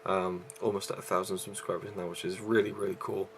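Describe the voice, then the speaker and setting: A man's voice: low-pitched, level tone, a little fast, slight background noise. A man reviewing a movie in a casual vlog, out of breath and rambling with many fillers and restarts.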